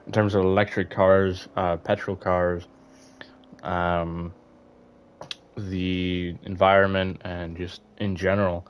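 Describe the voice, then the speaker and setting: A man's voice: low-pitched, level tone, takes it slowly, dull audio, a little hiss or hum. A young man streaming, chatting casually to his viewers, rambling with lots of fillers and restarts. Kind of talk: casual live-stream chat.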